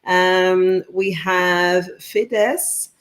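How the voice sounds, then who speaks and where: A woman's voice: lowish voice, steady tone, drawn-out words, faint music behind. A woman from the United Kingdom co-hosting a live church talk show, cheerfully reading out viewer messages and laughing often. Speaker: co-host, pastor's wife.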